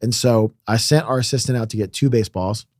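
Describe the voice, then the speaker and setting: A man guesting on a podcast in casual chat, an excitable anecdote teller who swears freely. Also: medium pitch, quick pace, no room sound, studio quality. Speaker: guest musician.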